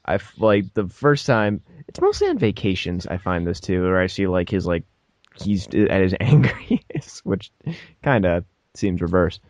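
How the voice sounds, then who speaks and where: A man's voice: low-pitched, measured pace, no room sound, highs cut off. A young man on a podcast, telling a story casually and laughing as he acts out the people in it. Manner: animated, laughs mid-story, acts out voices. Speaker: podcast co-host.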